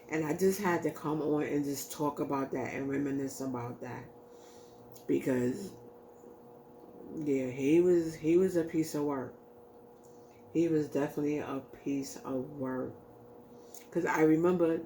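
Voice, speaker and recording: A mellow, low-voiced woman vlogger rambles through a personal anecdote, saying "like" and "you know" constantly and acting out what people told her. The audio carries a faint hiss or hum.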